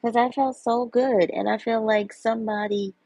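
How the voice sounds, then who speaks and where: A woman's voice: on the high side, fairly even intonation, moderate pace, warm tone, dry recording, dull audio. A woman chatting on a live stream in a playful, sing-song way, full of giggles and repeated catchphrases. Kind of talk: casual live stream chat.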